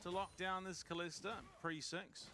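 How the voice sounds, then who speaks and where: A man's voice: high-pitched, flat delivery, moderate pace, sharp tone, soft background music. A man giving analytical color commentary on a game match, citing stats with frequent fillers. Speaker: esports color caster.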